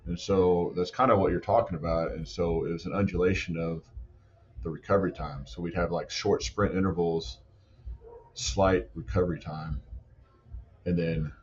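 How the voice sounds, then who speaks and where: A low-voiced man talks at a moderate pace on a muffled recording with slight background noise. He's a football strength and conditioning coach swapping training stories in a casual podcast chat, telling them animatedly and packing in "like" and "you know."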